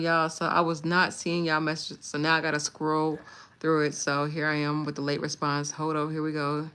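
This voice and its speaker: Chatty lower-voiced woman hosting a livestream. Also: normal speed, clear, resonant tone. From California. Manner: chatty and animated, laughs often, addresses the chat directly. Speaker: livestream host. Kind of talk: casual live chat with viewers.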